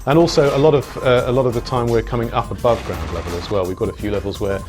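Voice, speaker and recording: A man's voice: medium pitch, steady tone, fast, over music. A man game developer explaining features in a matter-of-fact interview. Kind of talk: interview answers.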